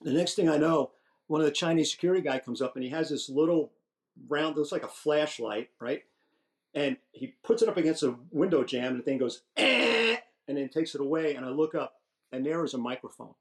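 Animated and a bit profane, a retired general in his sixties tells casual stories as a guest, often restarting mid-thought. His pitch is fairly high and his delivery a little fast.

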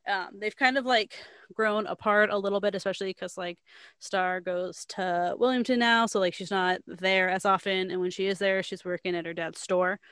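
A woman recaps a book for a friend in a loose, rambling chat, piling on fillers and tossing in casual swearing. Her voice is smooth and clean, recorded close and dry with no room sound. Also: medium pitch, steady tone, normal speed, a bit bright, no room sound. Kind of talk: casual chat retelling a novel.

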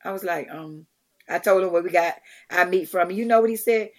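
Woman guest, middle-aged, lively storyteller who acts out each quote, casual interview chat. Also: fairly low pitch, fairly quick. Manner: animated, acts out quotes, many restarts. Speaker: guest, charity founder. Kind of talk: conversational storytelling.

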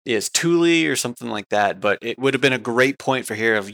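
A man's voice: mid-range voice, lively intonation, a little fast, gravelly, few pauses, fairly bright tone, no room sound. A man co-hosting a casual fan podcast, easygoing and fond of "you know". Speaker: podcast co-host.

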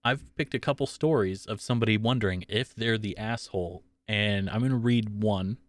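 A man's voice: on the low side, brisk, no room sound, studio quality. A young man co-hosting a podcast, chatting casually and joking at his own expense while reading posts aloud. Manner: joking, self-deprecating, laughs often. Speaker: podcast co-host.

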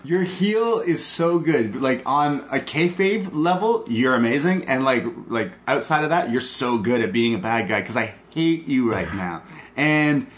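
A man hosting a podcast, excitedly recapping a wrestling show in casual chat, swearing and laughing. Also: mid-range voice, a little slow, few pauses. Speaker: podcast host.

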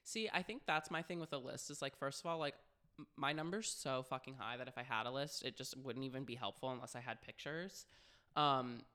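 Bright, smooth-voiced young man telling stories. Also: mid-range voice, brisk. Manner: frank and profane, heavy "like" fillers. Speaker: podcast co-host. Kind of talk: casual storytelling chat.

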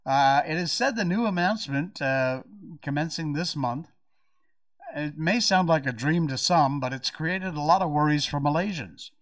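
An American man hosting a podcast, giving wry, animated commentary on news and drawing out words for effect. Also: a little high, moderate pace. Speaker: podcast host. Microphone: podcast mic.

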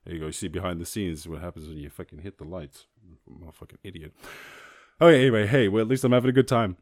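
A man's voice: sits low, fast, no room sound, studio quality. A man hosting his own show, freestyling raps full of swearing, then chatting loosely and laughing at himself. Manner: profane, rambling, laughs at himself. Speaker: show host. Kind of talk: freestyle rapping and casual outro chat. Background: beat music playing.

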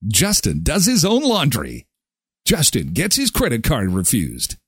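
A man's voice: medium pitch, wildly swooping pitch, unhurried, a bit bright, breathy edge, no echo. A man hosting a morning show, commenting on news clips with joking, mocking asides. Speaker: host.

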